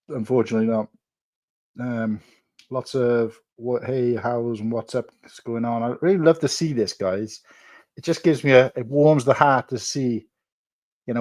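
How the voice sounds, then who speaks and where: A man's voice: mid-range voice, a little mellow. A man hosting a casual live stream from home, chatting and reading viewer messages aloud. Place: at home, building on the sofa.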